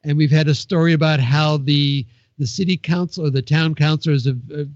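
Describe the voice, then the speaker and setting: A man's voice: a little high, fairly even intonation, a little fast, darkish tone, no echo, muffled recording. A man co-hosting a casual podcast, reading news items and joking with the others. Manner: jokey, laughs and whoops often.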